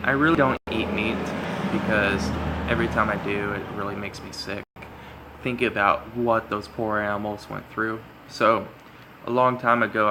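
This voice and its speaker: A young man with a raspy, monotone voice, casually commenting and reading aloud as he plays a visual novel, rambling with many fillers. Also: fairly low pitch, a little hiss or hum. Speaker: gamer playing through a visual novel.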